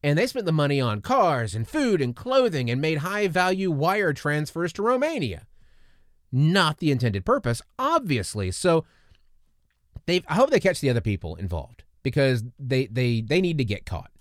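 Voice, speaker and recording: An earnest man hosting a faith-based podcast in a loose, rambling chat, often restarting his sentences. His voice sits a little high and moves up and down a lot. The sound is dry and close to the mic. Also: big pitch swings, normal speed, dry recording. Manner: earnest, rambling, frequent restarts and repeated words. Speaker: podcast host.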